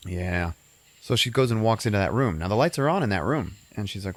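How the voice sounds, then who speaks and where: A man's voice: on the low side, expressive, brisk, no echo. A man hosting a podcast, casually retelling a movie plot in a rambling, profane way full of fillers. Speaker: podcast host.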